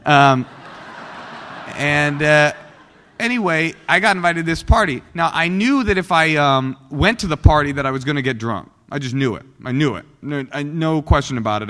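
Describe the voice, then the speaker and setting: A man's voice: fairly high pitch, a little fast, fairly bright tone. A man in his forties from Oakland, California, telling his recovery story to a meeting in a self-deprecating, joking way. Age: 40s. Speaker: guest speaker at a recovery meeting. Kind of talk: personal recovery talk to a live audience. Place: meeting hall. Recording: long hall reverb.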